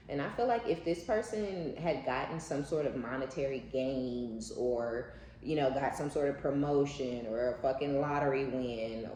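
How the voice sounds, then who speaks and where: A woman's voice: extremely low pitch, warm tone. A woman giving a casual tarot reading, blunt and profane, with a playful, laughing manner. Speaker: tarot card reader. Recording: echoey room with faint background noise.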